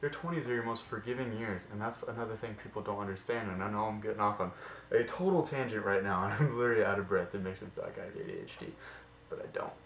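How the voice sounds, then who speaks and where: A man's voice: on the low side, quick pace, a bit bright, a little hiss or hum. A man in his twenties ranting passionately to camera in a fitness vlog, blunt and swearing freely. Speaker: fitness vlogger. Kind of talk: impassioned vlog rant to camera. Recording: roomy echo with faint music.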